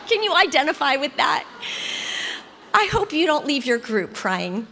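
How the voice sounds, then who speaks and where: A woman's voice: high voice, big pitch swings, moderate pace. Grandmotherly woman teaching in a reverberant hall. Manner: warm storytelling, earnest and encouraging. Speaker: Bible study speaker. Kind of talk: sermon-style teaching talk. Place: large church hall.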